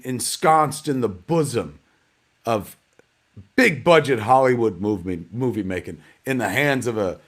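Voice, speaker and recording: A man hosting a live online premiere in a casual, rambling, self-deprecating way, full of slang and calling the audience kids and man. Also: on the low side. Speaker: red carpet host.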